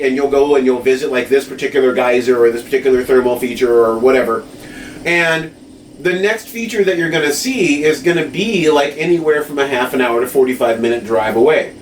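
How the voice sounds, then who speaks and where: A man co-hosting a podcast in casual chat, rambling with lots of fillers and tag questions. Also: fairly high pitch. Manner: rambling, full of fillers and "right?". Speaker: podcast co-host. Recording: echoey room, mic at a distance, faint noise.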